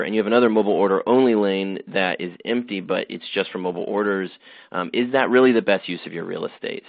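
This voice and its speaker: A man's voice: low voice, dry recording. A man, a magazine editor, answering interview questions thoughtfully, with frequent fillers and restarts. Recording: dull, dry sound.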